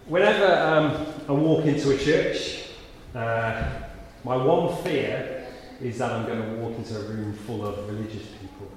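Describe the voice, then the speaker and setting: A man's voice: medium pitch, a little slow, slight background noise. A man preaching a sermon, his voice filling a very echoey church with a long reverb tail. He talks in a conversational way, then pushes to sudden emphatic peaks. Faint room ambience sits underneath.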